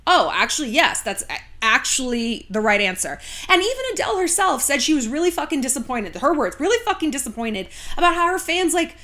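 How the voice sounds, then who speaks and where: A woman in her thirties talks to camera from her home in a casual vlog. Her voice sits a little high and swings widely in pitch as she jokes. She is chatty and sarcastic and swears freely. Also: very animated, a little fast, bright, forceful tone. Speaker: vlogger.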